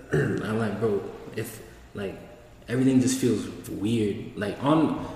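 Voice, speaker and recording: A man's voice: on the low side, takes it slowly, vocal fry, dark tone. A young man tells a long, rambling story in loose, slangy talk, acting out every line he quotes. His voice rings in a very echoey room, picked up from a distance with a faint hiss under it. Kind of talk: casual storytelling.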